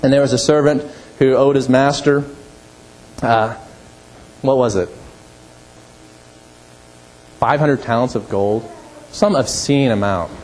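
A male pastor preaching a sermon, emphatic, rising to forceful peaks and dropping low. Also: a little slow, pauses often, poor audio.

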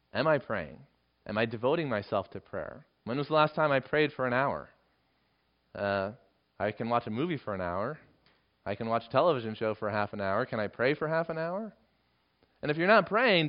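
A man preaching an expository sermon, working through a passage verse by verse and acting out the quoted lines with lively emphasis. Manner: animated, acts out quoted lines with rising pitch. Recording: dull lo-fi recording.

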